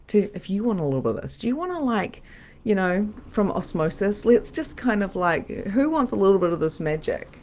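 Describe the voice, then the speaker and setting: A middle-aged woman, a medium and spiritual coach, teaching on a live stream in a chatty, animated, repetitive way. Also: fairly low pitch, moderate pace.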